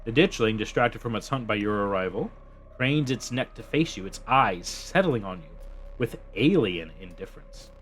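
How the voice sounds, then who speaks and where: A man streaming a story game, reading the text aloud and reacting in an excitable way with swearing. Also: lowish voice, normal speed, faint music behind. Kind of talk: game let's-play with narration read aloud.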